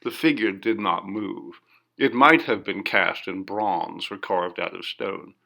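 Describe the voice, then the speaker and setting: A man reading a classic ghost story aloud in measured, dramatic narration. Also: low-pitched, vocal fry, pushed and bright. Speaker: audiobook narrator.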